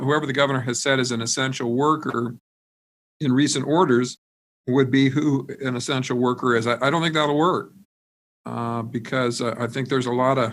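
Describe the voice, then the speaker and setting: A man, a state senator, speaking remotely in a floor debate, measured and hesitant with many fillers and restarts. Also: medium pitch, fairly bright tone, slight background noise. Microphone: remote video call.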